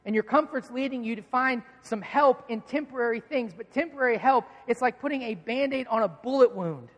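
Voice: medium pitch, brisk, fairly bright tone, big-room sound. A pastor preaching a sermon, asking rhetorical questions and answering them, repeating key lines for emphasis.

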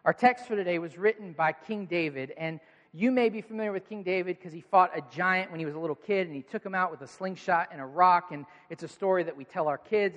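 A man with a notably high-pitched voice preaches in an easy, conversational way, earnest and animated as he speaks to his congregation. His voice carries a long reverb from a large hall. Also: lo-fi sound. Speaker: pastor. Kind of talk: sermon.

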